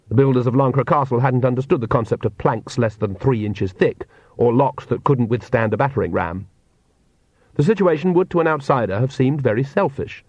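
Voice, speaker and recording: A male audiobook narrator with a mid-range voice who tells the story in a measured, clear way. The sound is dull and dry, with no room echo. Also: mid-range voice, a little mellow.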